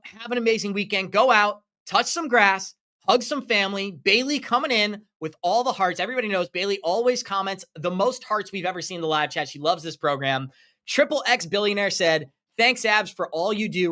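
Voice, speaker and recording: A man's voice: high-pitched, bright, forceful tone. A man hosting a crypto live stream, upbeat and effusive as he thanks viewers by name for their donations. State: running out of breath. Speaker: crypto livestream host.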